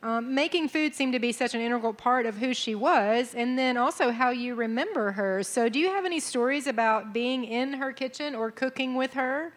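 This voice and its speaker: Woman host, slightly high voice, measured prepared questions. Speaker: interviewer host.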